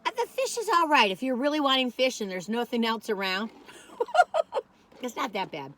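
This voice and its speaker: A woman's voice: on the high side, lively intonation, quick pace, a bit bright. A middle-aged woman, chatting and rambling in a folksy way while taste-testing food. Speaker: food reviewer. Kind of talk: casual taste-test chat.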